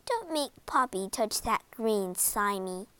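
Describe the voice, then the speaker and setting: Woman playing a soft coaxing storybook queen, slow and smooth. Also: mid-range voice, lively intonation, dry recording. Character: gentle, worried queen and mother.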